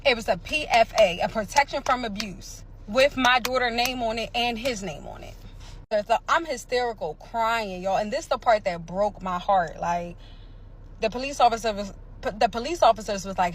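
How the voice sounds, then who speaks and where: A woman from Pennsylvania telling her own story in a casual vlog, emphatic and animated, repeating phrases and acting out sounds. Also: a little high, normal speed. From Pennsylvania, USA.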